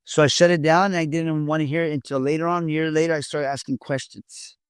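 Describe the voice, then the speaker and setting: Man recounting his family history, halting. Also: a little high, level tone, clear, resonant tone, no room sound. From Mexico. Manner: halting, many restarts and repeated words. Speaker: interview guest, former police officer. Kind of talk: candid storytelling in an interview.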